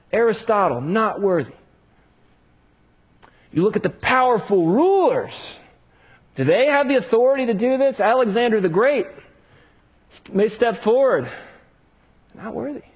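A man preaching a sermon, building drama with hushed pauses and rising emphasis. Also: high voice, husky. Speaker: pastor.

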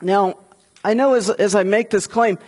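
Husky high-voiced preacher man. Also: normal speed, darkish tone. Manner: conversational preaching, rising emphatic peaks. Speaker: pastor. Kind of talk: sermon.

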